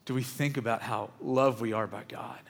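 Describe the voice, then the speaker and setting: A man preaching a sermon, telling a story in an earnest voice that often drops to a hush. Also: mid-range voice, fairly even intonation, normal speed, gravelly. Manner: earnest, often dropping to a hushed voice. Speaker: pastor. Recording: long reverb of a large hall.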